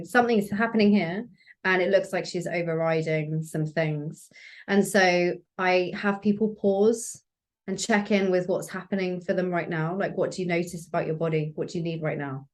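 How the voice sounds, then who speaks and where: Calm, low-voiced woman guest. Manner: calm, gentle, explanatory. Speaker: somatic practitioner guest. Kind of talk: relaxed podcast conversation.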